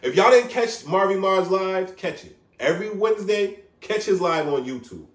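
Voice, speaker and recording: A young man with a New York accent, a barber vlogging an animated, profane rant into his phone, repeating "you get what I'm saying". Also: high-pitched, normal speed, roomy sound, recorded from a distance. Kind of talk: casual vlog rant. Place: his room at home.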